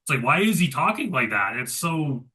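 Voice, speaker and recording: A man's voice: on the high side, sing-song, fairly quick, pushed and bright. A man co-hosting a casual movie review chat, blunt and exasperated, often restarting his sentences. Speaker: co-host of a movie review show.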